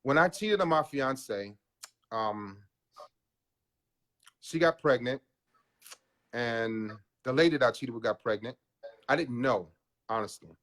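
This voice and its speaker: A man's voice: mid-range voice, animated, slow, pauses often, fairly bright tone. Earnest man confessing on a podcast. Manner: earnest, confessional, addresses host as bro. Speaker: podcast guest. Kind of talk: candid personal interview.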